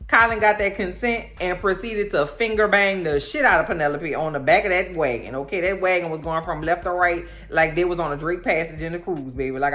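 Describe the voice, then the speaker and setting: A woman recaps a show in a loose, slangy chat. She acts out the characters' lines as she goes, and her voice sits a little low. Faint music plays underneath. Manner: animated, slangy storytelling with acted-out quotes. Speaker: recap vlogger.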